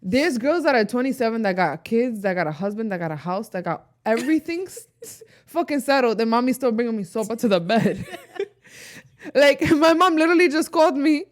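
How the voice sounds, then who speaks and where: A woman in her late twenties, co-hosting a podcast in casual chat, switching between English and Spanish and telling animated stories full of slang. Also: fairly high pitch, fairly quick. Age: late 20s. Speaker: podcast co-host.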